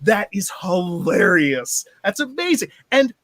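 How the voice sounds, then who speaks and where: A man hosting a casual movie discussion, excitable, laughing often and acting out quotes. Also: high voice, a little slow, no room sound. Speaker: podcast host.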